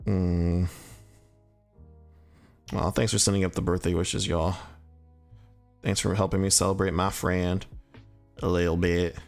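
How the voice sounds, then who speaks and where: A man casually chatting on a livestream while painting miniatures, quietly thinking aloud as he works. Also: low voice, little pitch movement, unhurried, creaky, pauses often. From Southern US (Alabama family). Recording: soft background music.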